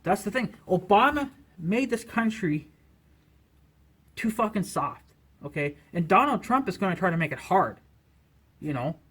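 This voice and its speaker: Guy with a pretty high voice going off on a rant at the camera, cussing nonstop, tons of "you know". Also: sing-song, a little slow, pauses often, fairly bright tone, slightly rough. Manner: profane and heated, filler-heavy with repeated "you know". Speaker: vlogger. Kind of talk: angry political rant to camera.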